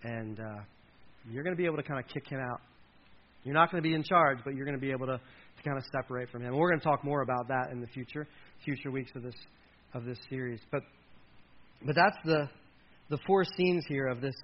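A man's voice: medium pitch, brisk, long pauses. A man preaching a sermon, reading scripture aloud with dramatic emphasis and breaking in with side comments. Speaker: pastor. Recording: muffled lo-fi recording.

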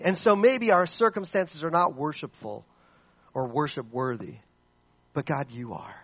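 An earnest man preaches a sermon in a fairly high voice. He shifts between loud pleading and soft, hushed passages. The recording sounds muffled and lo-fi. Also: moderate pace. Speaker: pastor.

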